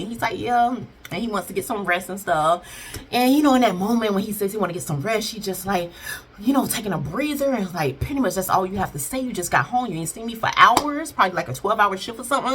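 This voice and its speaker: Animated, bright-voiced woman doing a show recap. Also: medium pitch, fast, a little hiss or hum. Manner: animated, playfully voices the characters in asides. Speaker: TV series reviewer. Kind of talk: casual recap commentary.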